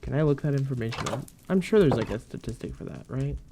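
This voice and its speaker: A man narrating his own gameplay in an exasperated, rambling way, repeating himself and addressing the people watching. His voice sits in an ordinary middle register, and he keeps breaking into loud, indignant yells. A faint hiss sits under the recording. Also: mid-range voice, animated, quick pace, vocal fry. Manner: repeats phrases, talks to viewers. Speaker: gamer, channel host. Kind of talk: let's play commentary.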